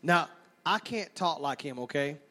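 A man preaching a sermon, praying and then telling a lively story from his childhood, acting out the scenes as he goes. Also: on the high side, a little slow.

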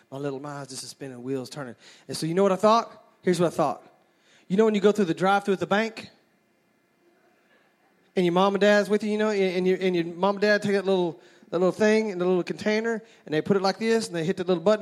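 High-voiced animated preacher man. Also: fast talker. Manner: animated storyteller, acts out childhood scenes. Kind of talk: sermon with storytelling.

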